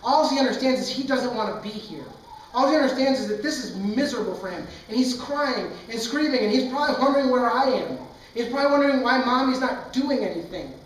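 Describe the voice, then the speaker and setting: A man's voice: very high voice, lively intonation, fast. A young man, a pastor, preaching a sermon and telling a personal story in a candid, earnest, impassioned way. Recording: echoey hall, far from mic.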